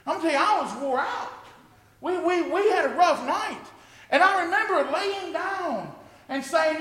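A man preaching a sermon to his congregation, impassioned and often rising to shouted exclamations. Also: very high voice, lively intonation, normal speed. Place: church sanctuary with a congregation. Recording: echoey hall with long reverb.

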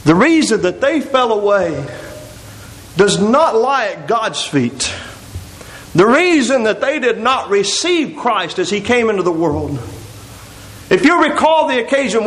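A man's voice: high-pitched, a bit bright, low-quality recording. A man preaching a sermon, explaining scripture verse by verse and reading passages aloud. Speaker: pastor.

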